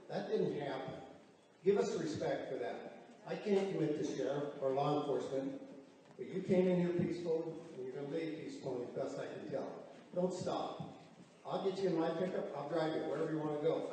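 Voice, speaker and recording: A man's voice: on the high side, brisk, warm tone, slight background noise. A man earnestly pleading with a group at a public meeting. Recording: echoey hall recorded from far off.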